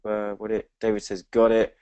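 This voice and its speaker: A man's voice: on the low side, completely flat delivery, normal speed, darkish tone, clear, resonant tone, dry recording, muffled recording. An English man co-hosting a live webinar, upbeat and reading out names from the chat. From England. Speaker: webinar co-host.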